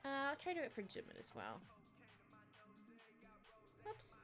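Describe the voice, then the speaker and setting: A high-pitched woman speaks at normal speed with huge swings in pitch. While drawing on a live stream, the digital artist chats casually, rambling and giggling with many little asides, accompanied by soft background music.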